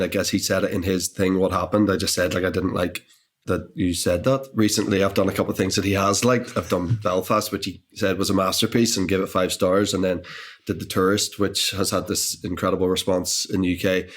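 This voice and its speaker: A man's voice: deep voice, steady tone, brisk. A man in his thirties with a Northern Irish accent, chatting animatedly as an actor guest over lunch, often repeating words as he thinks. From Northern Ireland. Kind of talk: casual interview chat. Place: indoors over a lunch table.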